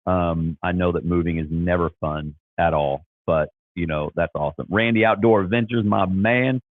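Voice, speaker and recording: A man's voice: low-pitched, moderate pace. A man hosting a casual livestream with a stuffy nose, rambling with restarts and bursts of enthusiasm. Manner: rambling, frequent restarts and fillers. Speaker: livestream host. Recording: tinny phone-like sound.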